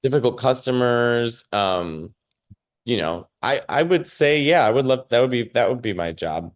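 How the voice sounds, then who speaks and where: A man's voice: mid-range voice, expressive, moderate pace. A man with a Chicago accent, a comedian talking casually in an interview from home over a remote call, rambling with lots of fillers and restarts. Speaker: stand-up comedian, guest.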